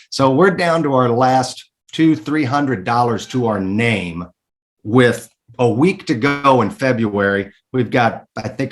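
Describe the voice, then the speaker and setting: A man in his thirties speaks at a middle pitch as an interview guest. He tells his story candidly and emphatically, swears freely, and repeats words when he gets worked up.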